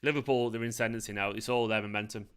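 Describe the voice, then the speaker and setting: With a fairly low pitch, fairly even intonation, and a clean, slightly bright tone, this fan channel host speaks rapid-fire. He's tired and hungover during a live football watchalong, swearing often and talking back to chat in frustration.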